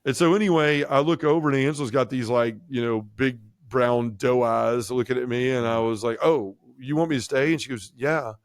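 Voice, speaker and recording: Male podcast guest, middle-pitched voice, lively storyteller who mimics other people, dry close recording. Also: moderate pace, hardly any pauses, smooth, no room sound. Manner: animated, acts out quoted dialogue with jumps in pitch; self-mocking humor, many fillers like "you know" and "like". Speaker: podcast guest sharing his testimony. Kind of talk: casual storytelling.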